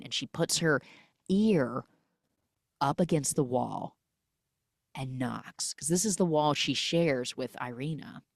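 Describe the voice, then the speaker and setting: A woman podcast host casually recapping a film, retelling it in an animated way with lots of "like" fillers. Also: rumbling low, dry recording, studio quality.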